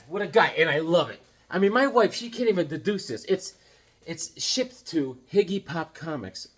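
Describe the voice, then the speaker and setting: A tired man, short on sleep, hosts a comic collecting channel from the comic room in his home. His voice is fairly high pitched, animated and slightly rough at a normal speed, and he tells stories in a jokey, rambling, casual way.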